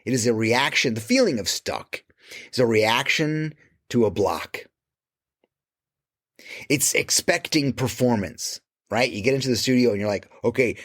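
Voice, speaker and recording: A man speaking as a creative coach in an emphatic motivational monologue, swearing casually and dropping to quiet low asides. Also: no echo, studio quality.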